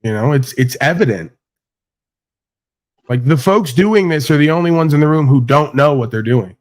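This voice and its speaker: A man's voice: a little high, expressive, moderate pace. A man hosting a live stream, talking in a boastful, rambling, mocking way in crude casual banter.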